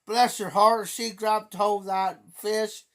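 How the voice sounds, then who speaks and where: A middle-aged livestreamer speaks slowly in a high voice with little pitch movement. His casual story rambles, circling back and repeating itself again and again.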